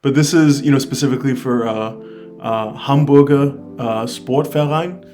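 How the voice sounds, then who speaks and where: A man's voice: mid-range voice, moderate pace, dark tone. American man, casual enthusiastic travel vlogger, loose and chatty, light guitar bed behind. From United States. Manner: chatty, fills speech with "like" and "I mean"; enthusiastic, recommends things directly to viewers. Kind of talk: casual travel review talk. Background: faint guitar music.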